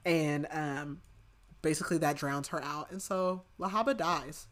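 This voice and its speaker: A woman's voice: deep voice, unhurried. A young woman co-hosting a podcast, casually retelling a novel's plot in a rambling way with constant "like" fillers. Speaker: podcast co-host. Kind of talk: casual book recap chat.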